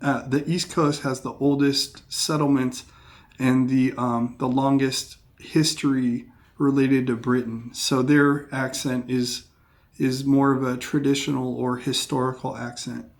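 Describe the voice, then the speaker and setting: A man from Seattle with a General American accent, explaining accents in a casual, hesitant way with many pauses. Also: medium pitch, flat delivery. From Seattle, United States. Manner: plain, hesitant with frequent ums. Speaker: English teacher. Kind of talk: casual educational talk.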